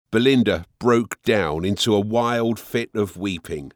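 A man narrating an audiobook in a slow, expressive storytelling way. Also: on the low side, no echo, studio quality.

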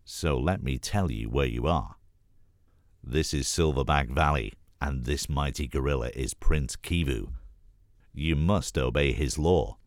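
A protective leopard from a children's story, who speaks slowly and with deliberate authority. His voice is very deep and recorded close and dry, as a man reads him. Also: no room sound. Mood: stern. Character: calm, protective male leopard guardian.

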